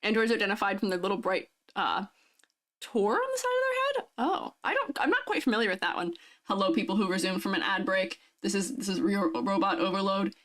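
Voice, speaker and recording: A woman's voice: mid-range voice, big pitch swings, fairly quick, fairly bright tone. A young woman streaming casually, playful, laughing often and answering chat. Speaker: vtuber streamer.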